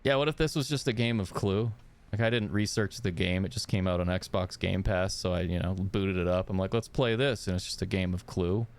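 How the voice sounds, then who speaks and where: A man's voice: sits low, brisk. A man streaming a horror game, rambling, crude and joking as he plays. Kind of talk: casual gameplay commentary.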